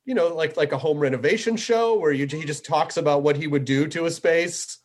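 Man, podcast host, slightly high pitch, excitable, filler-heavy, casual swearing. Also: brisk.

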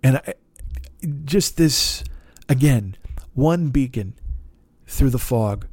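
A man's voice: medium pitch, lively intonation, slow, darkish tone, breathy edge, no room sound. Man, podcast host, casual rant story, exasperated, swears a lot, dry close sound. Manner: exasperated, swears often, acts out both sides of conversations.

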